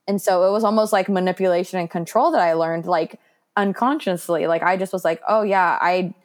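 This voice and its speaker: This is a young woman speaking in a voice set a little lower than most. She is candid and reflective as she talks, earnest and loose, with plenty of "like" fillers along the way. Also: steady tone, a little fast, darkish tone. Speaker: guest sharing her foster care story. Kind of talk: candid personal interview.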